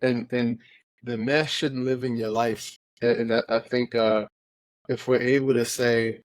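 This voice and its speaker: A man co-hosting a casual podcast conversation, emphatic and quick to laugh, often repeating words as he builds a point. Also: medium pitch, little pitch movement, dry recording. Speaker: podcast co-host.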